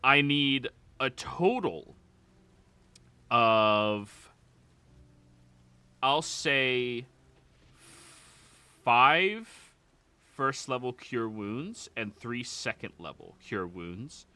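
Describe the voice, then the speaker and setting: A man's voice: mid-range voice, expressive, extremely slow, pauses often, bright, forceful tone, clear, resonant tone, no echo. A man running a live-streamed tabletop game as game master, chatty and laid back, laughing easily.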